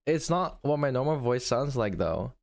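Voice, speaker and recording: A tired man streaming live, chatting casually in a playful, rambling way with a slight rasp. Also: medium pitch, animated, normal speed. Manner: playful, rambling, with many restarts.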